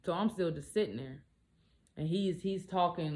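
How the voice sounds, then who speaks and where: A woman and single mom telling a story in a casual vlog, animated and blunt, swearing freely. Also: on the low side, normal speed.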